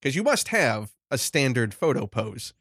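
A man who is a guest on a podcast, chatting casually in a quick, wry and self-deprecating way. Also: medium pitch, very animated, fairly bright tone, slightly rough, dry recording, studio quality. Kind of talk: casual chat. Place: podcast studio.

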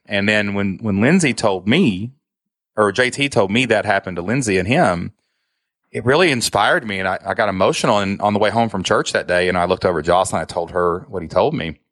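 A man with a low, grounded voice tells his story as a podcast guest. He talks with candid, emotional earnestness and drops a "man" into his sentences often. The sound is close and dry, with no room around it. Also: lively intonation, fairly quick, fairly bright tone, dry recording. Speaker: guest, online business founder.

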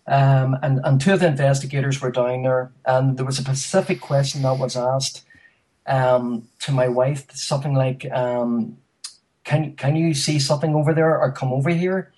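A man's voice: mid-range voice, a little mellow, rough recording. A man, a paranormal investigator, answering interview questions hesitantly with many ums and restarts. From Ireland. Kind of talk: casual radio interview.

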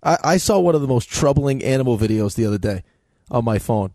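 Quick-talking teasing radio co-host, man. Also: medium pitch, lively intonation, warm tone, no room sound, studio quality. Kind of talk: casual studio banter. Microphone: studio microphone.

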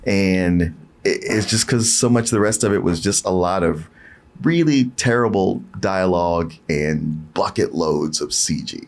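A man chatting casually about a movie he saw, animated and laughing, acting out his own reactions. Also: low voice, normal speed. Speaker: co-host. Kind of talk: casual movie review chat.

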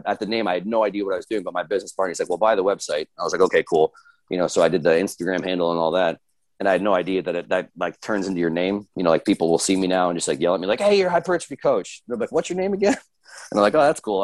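Man, low voice, fast talker, casual podcast guest, candid, rambling, swears, dry sound. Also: darkish tone, no echo, low-quality recording. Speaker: guest, hypertrophy coach. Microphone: video call.

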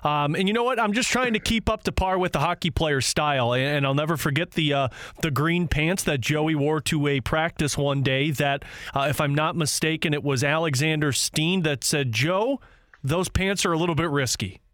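A man's voice: fairly high pitch, moderate pace, a bit bright, no room sound. A man co-hosting a sports podcast, chatting and teasing his co-host in an easygoing way. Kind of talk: casual chat.

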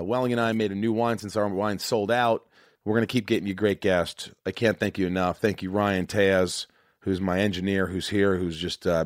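Male podcast host, deep, dry-miked, open and profane, chatty. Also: no room sound. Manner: frank and profane, openly emotional; rambling with many restarts and fillers. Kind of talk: casual candid chat.

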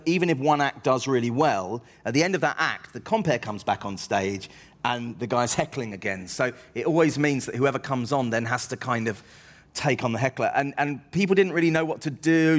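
A man, a comedian telling rambling, self-deprecating stories as an interview guest. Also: medium pitch. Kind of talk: anecdotal interview chat.

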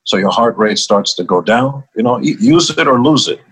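The older man here, a musician being interviewed, has a medium-pitched, expressive voice with a fairly bright, slightly rough tone and a moderate pace. The recording is rough, and he relaxes into wry storytelling, laughing at his own jokes.

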